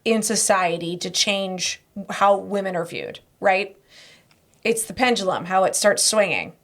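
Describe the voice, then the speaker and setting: Casting: woman co-host, mid-pitched, earnest and emphatic, casual podcast chat. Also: expressive, a little slow.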